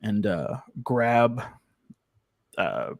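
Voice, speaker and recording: Male player speaking in character, unhurried and halting, dry voice. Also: fairly low pitch, sing-song, vocal fry, no room sound. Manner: describes actions haltingly with fillers. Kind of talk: in-character tabletop role-play.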